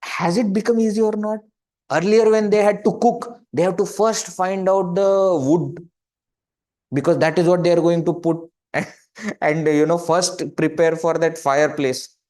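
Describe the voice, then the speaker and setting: Animated high-voiced Indian English teacher. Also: male voice, a little slow. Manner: animated, acts out questions and quoted people; conversational, with rhetorical questions. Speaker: spiritual teacher. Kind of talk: webinar talk on joyful living.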